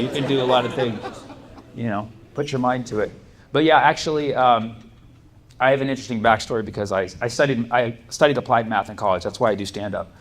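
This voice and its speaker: A man doing stand-up comedy on a club stage, telling a story with loud, animated bursts and shouted impressions. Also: a little high. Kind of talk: stand-up crowd work and storytelling. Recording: live club recording with audience noise. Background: audience ambience.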